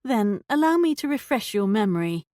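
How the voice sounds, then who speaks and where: A woman voices a shrewd young lady detective, questioning a suspect with poised, pointed politeness in a pressing mood. Her natural voice sits mid-range but is pitched above her own, sing-song and darkish in tone, at a normal speed. The recording is clean studio sound with no room sound.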